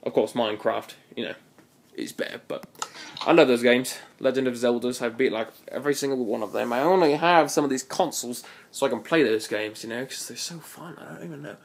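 A man's voice: mid-range voice, fairly quick, vocal fry. A man giving casual, rambling commentary while he plays a game, chatty and playful, often restarting his sentences. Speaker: gaming video host.

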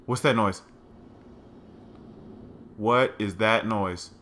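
A man's voice: on the low side, drawn-out words, a bit bright, a little hiss or hum. A man giving let's play commentary, thinking aloud to his viewers as "guys" and crying out in alarm at what he finds. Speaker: gaming channel host.

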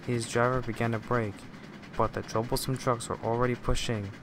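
A man giving scripted storybook narration in a slow, measured way. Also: mid-range voice, level tone, noisy background. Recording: music playing underneath.

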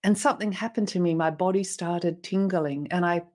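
A woman's voice: on the low side, normal speed, darkish tone. A woman guest in an interview, earnestly retelling a personal experience with emotion and small restarts. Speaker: interview guest, motivational speaker.

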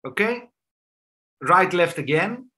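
A man's voice: sits high, very animated, takes it slowly, sharp tone. A man hosting a live online quiz for colleagues, playful and laughing between answers, heard over a video call. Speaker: quiz host and dermatologist.

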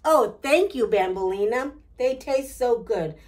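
A woman's voice: a little high, animated, measured pace. A woman voicing a friendly little talking goat with simple, childlike speech. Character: little goat, shy then happy.

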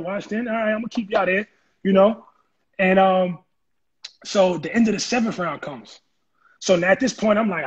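A man telling his story in an interview, animated and acting out the voices of people he quotes. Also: high voice, breathy edge, lo-fi sound. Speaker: interview guest, former football player. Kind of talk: casual storytelling.

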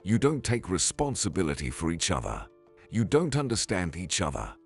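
Man reading a calm smooth-talking commune lady, low husky voice. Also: moderate pace, faint music behind, heavily acted. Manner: calm, convincing. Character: calm, convincing woman of a commune.

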